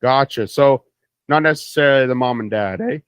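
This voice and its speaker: Speaking a little fast with a clean, medium-pitched tone and no room sound, a young Canadian man co-hosts a podcast. In this casual chat he plays the easygoing, joking interviewer, frequently voicing agreement.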